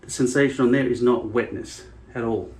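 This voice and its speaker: A man talking casually to his camera as a vlogger, rambling from thought to thought in a middle-pitched voice. His talk is frank and loose, with a curse word dropped in here and there. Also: steady tone, a little fast, a little mellow.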